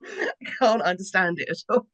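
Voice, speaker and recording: A woman's voice: mid-range voice, moderate pace, no room sound, lo-fi sound. A woman on a podcast panel, chatting animatedly with frequent laughter. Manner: giggly, animated storyteller. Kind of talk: casual panel chat.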